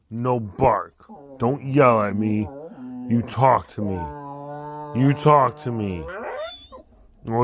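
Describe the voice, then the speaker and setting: A woodworker talking slowly to his dog, teasing and doting on her. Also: mid-range voice, a crowd in the background. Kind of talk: casual talk to a pet.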